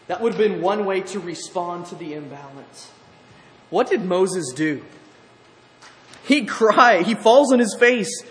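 A man preaching a sermon in an animated way, putting questions to the congregation. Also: high voice. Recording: echoey hall, faint room noise.

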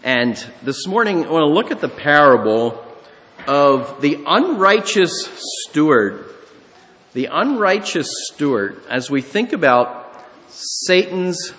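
A man's voice: a little high, very animated, takes it slowly, a bit bright, long reverb tail. A man preaching a sermon, moving from a folksy, conversational personal story into a teaching on scripture. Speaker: pastor.

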